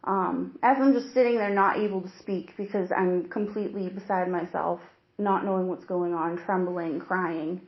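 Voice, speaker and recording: A woman's voice: fairly low pitch, fairly even intonation. Young woman recounting an ordeal, roomy lo-fi. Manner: halting, earnest, many restarts. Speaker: interviewee, new mother. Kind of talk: emotional personal account. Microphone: hidden recorder. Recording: roomy, dull lo-fi secret recording.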